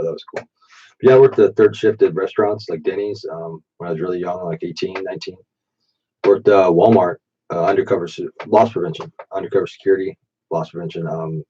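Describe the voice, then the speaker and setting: A deep, dark-toned male voice with a bit of hiss or hum tells rambling, swear-filled stories. He's in his late thirties, congested by allergies, and drinking during a late-night live stream recorded on a dull, muffled default mic.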